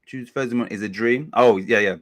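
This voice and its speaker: A man in the middle of his pitch range hosts a casual football watch-along stream. He talks in a loose, rambling way, with frequent self-corrections, and keeps the chat going with his viewers. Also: fast. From England.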